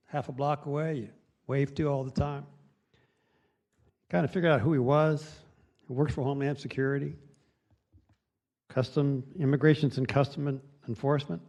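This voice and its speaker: A man on a city council giving a floor speech in a folksy, anecdotal way, halting often and restarting his sentences, into a desk microphone in a council chamber. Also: mid-range voice, a little mellow.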